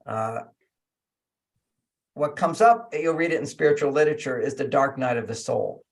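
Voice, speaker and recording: An older man talking as an interview guest, teaching conversationally in an animated way and laughing between his points. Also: medium pitch, moderate pace, gravelly.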